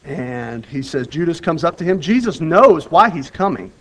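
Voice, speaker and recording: Earnest preacher man, fairly high voice. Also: very animated, moderate pace, fairly bright tone, rough recording. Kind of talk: sermon with Bible reading.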